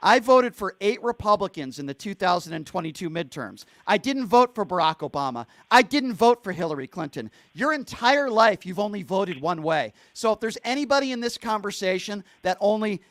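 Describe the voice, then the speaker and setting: Guy running a call-in show, pushy and argumentative, kinda high voice, dry studio sound. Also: big pitch swings, fairly quick, hardly any pauses, a bit bright, dry recording. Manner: combative, badgering, repeats questions. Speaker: talk show host. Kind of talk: call-in political talk. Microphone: studio microphone.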